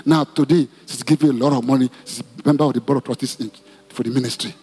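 A man's voice: medium pitch, quick pace, slightly rough, in a large hall. A male pastor preaching and leading prayer in church, telling stories with acted-out voices. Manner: animated storytelling, acts out quoted voices. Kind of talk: sermon with congregational prayer.

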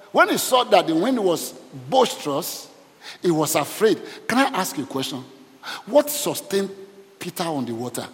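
A man preaching a sermon as pastor and asking the congregation questions as he goes. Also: a little high. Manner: asks the congregation questions, preaching with call and response. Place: church hall. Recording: reverberant church hall.

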